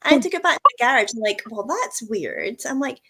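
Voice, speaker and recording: A woman host chats casually and jokes around. Her slightly high voice swings through a lively, animated pitch. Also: racing. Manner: playful, jokey. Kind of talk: casual chat.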